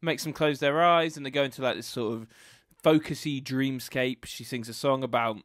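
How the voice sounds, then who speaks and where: A young British man recaps an episode on a casual podcast, filling gaps with ums and quick laughs. His voice sits at an ordinary middle pitch. The sound is dry and close to the microphone. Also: fairly bright tone, no room sound. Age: young adult. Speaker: podcast co-host.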